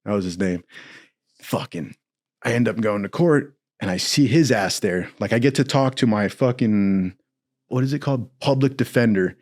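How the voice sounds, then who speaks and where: Profane, animated young man telling a story. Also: lowish voice, moderate pace. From Southern California. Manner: profane, animated, acts out quotes in other voices. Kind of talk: casual storytelling.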